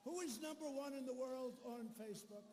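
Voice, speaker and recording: A man's voice: very high-pitched, a little fast, a little mellow, slight background noise. A man giving a rambling, boastful rally speech with mocking asides to a large arena crowd. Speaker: political speaker at a campaign rally. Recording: echoey arena hall with faint crowd ambience.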